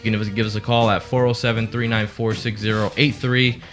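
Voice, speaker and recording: A man's voice: flat delivery, quick pace, fairly bright tone, soft background music. A man hosting a casual radio show, joking and bantering with his co-hosts. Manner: joking, talks up a deep "radio voice".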